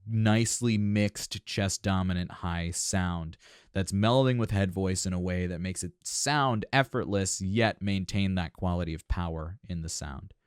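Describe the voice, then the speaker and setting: Deep smooth-voiced male vocal coach. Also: measured pace, no echo, clean studio sound. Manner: explains technique analytically, thinks aloud. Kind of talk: music reaction commentary.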